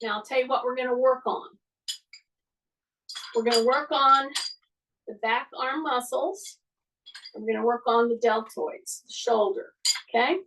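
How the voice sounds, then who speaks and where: A woman fitness instructor talks you through a workout in a high voice. She counts and cues at a slow, constant pace. The recording is made a little way off from the mic. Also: recorded from a distance, background noise. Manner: steady, even coaching cues. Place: home workout space.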